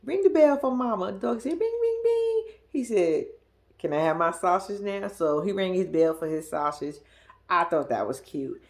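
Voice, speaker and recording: A woman's voice: on the low side, expressive, moderate pace, vocal fry. A young woman giving a sassy, slangy recap of a reality show, mimicking the cast in squealing voices. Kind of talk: casual recap commentary.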